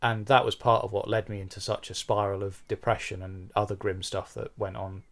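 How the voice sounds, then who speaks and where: Middle-aged man, low-ish register, frank and self-deprecating interviewee. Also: flat delivery, fairly quick. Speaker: podcast host being interviewed, bass player. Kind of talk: candid conversational interview.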